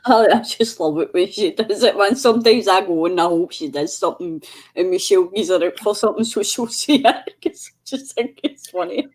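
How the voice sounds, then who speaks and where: Chatty woman, husky voice. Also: mid-range voice, brisk. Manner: chatty, giggly, mimics voices. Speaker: co-host of a craft livestream. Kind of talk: casual chat.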